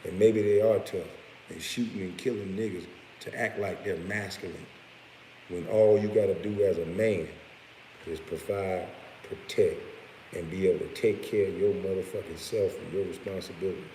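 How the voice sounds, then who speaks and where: A very low-voiced man holds forth in a blunt, profane rant, breaking off now and then to chuckle at his own lines. His voice carries a long room reverb, with a faint hiss underneath. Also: steady tone, normal speed, dark tone. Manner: blunt and profane, with laughing asides. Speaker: vlogger. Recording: roomy echo with faint hiss.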